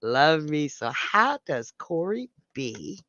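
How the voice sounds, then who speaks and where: Male psychic host, unhurried and chatty, reading viewer comments aloud over lo-fi stream audio. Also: fairly high pitch, big pitch swings, bright, forceful tone, no echo. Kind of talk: live tarot reading and viewer chat.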